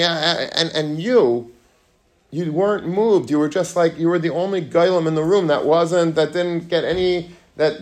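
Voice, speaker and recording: A man giving a sermon as a Torah lecturer, telling a story in an animated way and acting out the quoted voices, with Yiddish and Hebrew terms mixed in. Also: a little high.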